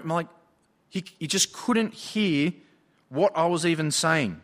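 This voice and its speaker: Male preacher, slightly raised pitch, earnest storytelling sermon delivery. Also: moderate pace, fairly bright tone. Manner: earnest, storytelling with retold dialogue.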